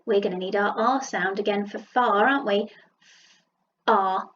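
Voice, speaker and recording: A woman with a Southern English accent teaching a phonics lesson to young children, sounding out letters slowly and praising them. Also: medium pitch, fairly bright tone, highs cut off, slight background noise. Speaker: primary school teacher. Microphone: computer mic while writing with a mouse.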